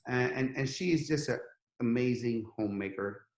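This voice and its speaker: Animated storytelling man, echoey room. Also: mid-range voice, normal speed. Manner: animated, acts out quotes in a rising voice. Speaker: podcast guest. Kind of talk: casual storytelling.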